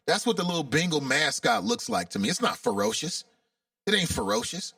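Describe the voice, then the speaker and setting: A man's voice: sits high, big pitch swings, fairly quick, vocal fry, bright, forceful tone, dry recording, studio quality, recorded from a distance. A man from Cincinnati hosting a casual call-in radio talk show, chatty and openly emotional. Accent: Cincinnati, Ohio.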